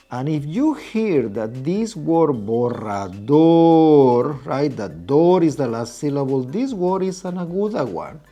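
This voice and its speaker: A man's voice: mid-range voice, mellow, breathy edge. A man teaching a lesson, patiently repeating key points and stretching out syllables. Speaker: Spanish teacher. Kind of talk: explaining at a whiteboard.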